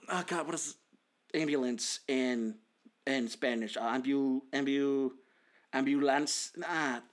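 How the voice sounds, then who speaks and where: A young man ranting casually to camera about a movie, animated and exasperated, rambling from one point to the next. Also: a little high. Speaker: vlogger. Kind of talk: casual movie-reaction rant.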